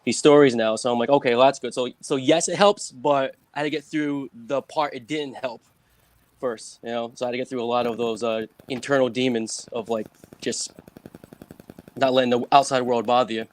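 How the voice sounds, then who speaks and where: A man's voice: mid-range voice, fairly even intonation, a little fast. A man with a New England accent, a guest author in a casual video-call interview, rambling with many fillers and chuckles.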